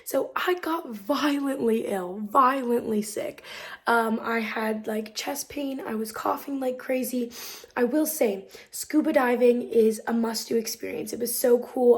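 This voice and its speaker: A woman's voice: fairly high pitch, darkish tone. Chatty young woman vlogging. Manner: chatty, upbeat, lots of fillers like "um" and "like". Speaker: travel vlogger. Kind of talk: casual vlog chat to camera. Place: hostel room, indoors.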